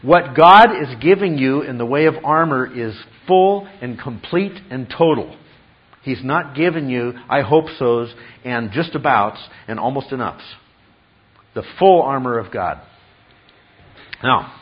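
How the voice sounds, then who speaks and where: A man's voice: medium pitch, lively intonation, measured pace, lo-fi sound. A man preaching a sermon, stressing his points through repetition and questions to the congregation. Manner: emphatic, repeats key phrases, asks the congregation questions. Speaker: pastor.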